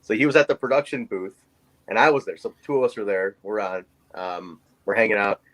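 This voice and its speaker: A man in his forties co-hosting a podcast tells a story in casual chat, animatedly acting out the voices of its characters. His voice is lowish and a little fast, and the audio is poor.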